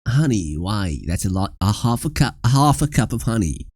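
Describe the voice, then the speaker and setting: A vtuber reacting to cooking clips in casual, rambling commentary with sudden bursts of yelling. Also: mid-range voice, sing-song, moderate pace, dry recording, studio quality.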